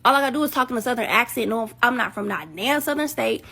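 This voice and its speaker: A woman's voice: fairly high pitch, animated, fast talker, vocal fry, bright, forceful tone, breathy edge. A woman with ranting in a blunt, sarcastic, mocking monologue. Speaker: woman in a clip being reacted to. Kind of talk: ranting social media monologue.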